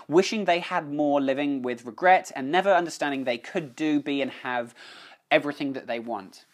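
A man's voice: a little high, brisk. A man hosting a casual live stream, greeting viewers by name and often restarting his sentences. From New Zealand. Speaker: livestream host. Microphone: phone on a live stream.

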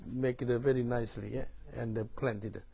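A man's voice: medium pitch, steady tone, moderate pace, gravelly, dark tone, husky. A male pastor teaching from the Bible in broken English, often checking "do you understand?". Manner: non-native English, broken grammar, frequent "do you understand?".

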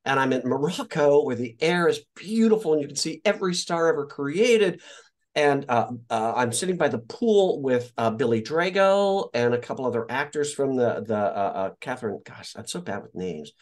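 A man from Indiana tells stories as an interview guest, his voice swinging widely up and down as he gets carried away. He drops swear words freely and acts out the people he quotes. The pitch sits in the middle for a man. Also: animated, normal speed. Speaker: actor guest. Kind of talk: casual interview storytelling.

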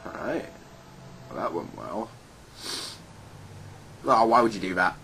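A young man giving casual gameplay commentary, excitable, yelping and swearing when he fails. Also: lowish voice, takes it slowly, gravelly. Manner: excitable, swears and yelps at failures. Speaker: let's play gamer. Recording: noisy home recording.

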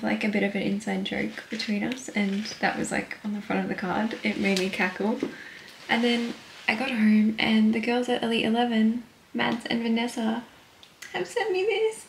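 A woman's voice: on the high side, creaky. A bubbly woman in her thirties chatting casually to camera at home, laughing often. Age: 30s. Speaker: vlogger. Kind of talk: casual vlog chat to camera. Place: at home indoors. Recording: echoey room, noisy background.

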